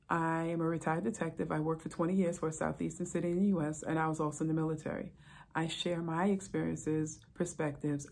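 Gravelly-voiced retired woman detective. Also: deep voice, a little mellow, a little hiss or hum. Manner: conversational and anecdotal, with fillers. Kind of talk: casual storytelling to camera.

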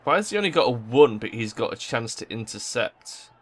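The young gamer's football tactics commentary is very animated and fairly quick, with hardly any pauses, as he vents and swears. His voice is medium-pitched and fairly bright.

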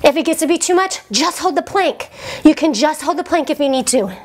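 A woman's voice: high-pitched, lively intonation, a little fast. A woman fitness instructor coaching a workout while doing it herself, out of breath and encouraging, with short cues and puffs of breath between exercises.

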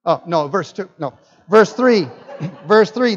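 Older male guest pastor, high-pitched preaching voice, dull recording with long hall reverb. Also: slow, husky. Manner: animated, swings from loud emphatic bursts to low asides. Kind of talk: sermon. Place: church hall.

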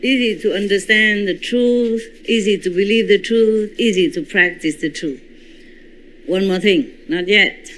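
A man whose first language is Korean, giving a spiritual talk in halting English with dramatic retelling. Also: high voice, a bit bright, a little hiss or hum, rough recording. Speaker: spiritual teacher.

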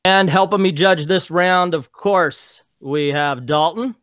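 A man's voice: slow pace, fairly bright tone, no echo, clean studio sound. A man hosting a casual comic book debate show, loose and joking. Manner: theatrical, booming intro then loose and joking. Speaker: host.

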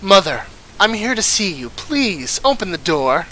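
Sephiroth, a man reading him, low and cold. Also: slight background noise, exaggerated voice, rough recording. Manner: slow, calm and measured. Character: cold menacing male swordsman villain.

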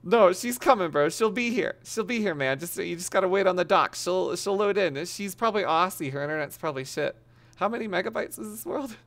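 Lively high-voiced gravelly male streamer. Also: fairly quick. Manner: excitable, laughs a lot, coaches a friend, swears. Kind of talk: casual live-stream chat.

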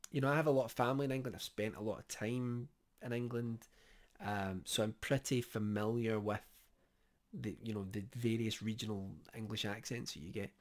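A man giving a casual spoken review of a horror series, thoughtful and full of fillers and restarts. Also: mid-range voice.

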